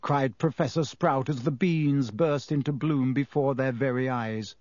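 A man narrating a children's novel in an expressive storytelling manner. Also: medium pitch, a little slow, dry recording. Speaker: audiobook narrator. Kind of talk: scripted narration.

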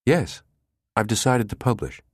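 A man's voice: mid-range voice, expressive, measured pace, no room sound, clean studio sound, pitched above the performer's own voice. A man voicing a witty, teasing woman in an audiobook, lifting his voice a little for her. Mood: playful. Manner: teasing, playful. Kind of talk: audiobook character reading.

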